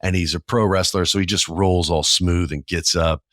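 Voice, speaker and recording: A podcast host in his forties carries a solo episode with a low, deep, slightly bright voice at normal speed and fairly even intonation. He tells stories with easygoing enthusiasm and slangy asides, recorded dry and close with no room sound.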